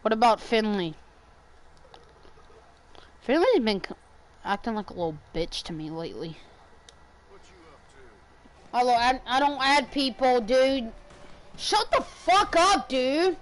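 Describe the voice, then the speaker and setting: A woman's voice: a little high, measured pace, long pauses. A woman live-streaming a game, raging and swearing at her chat. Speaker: gaming streamer.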